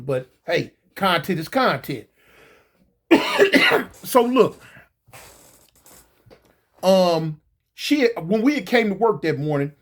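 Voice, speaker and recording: High-voiced man telling a rambling story. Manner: slangy, rambling, repeats phrases. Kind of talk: casual personal storytelling.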